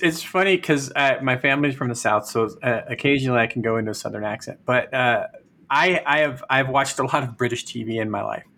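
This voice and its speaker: A man's voice: medium pitch, sharp tone. A man from California with a mid-range voice, co-hosting a casual podcast. He tells stories in a chatty way and often stammers through restarts before he gets going. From California, United States. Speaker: podcast co-host.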